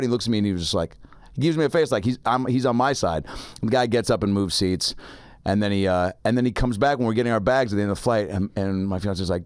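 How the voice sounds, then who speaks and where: A man's voice: fairly low pitch, racing, no room sound, clean studio sound. A man in his thirties hosting a podcast, telling a story in casual chat and acting out each voice. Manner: animated, acts out every voice in stories. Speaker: podcast host.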